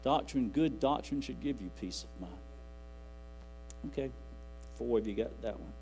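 A man's voice: medium pitch, normal speed, gravelly, pauses often, mellow, poor audio. A man preaching a sermon in a folksy, rambling way, quoting scripture aloud. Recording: faint music and mains hum.

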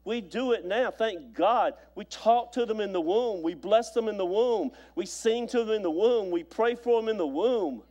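Pastor, male, high voice, storytelling sermon delivery with repetition. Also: moderate pace, few pauses, a little mellow. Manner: storytelling preacher, repeats phrases, stammers on restarts.

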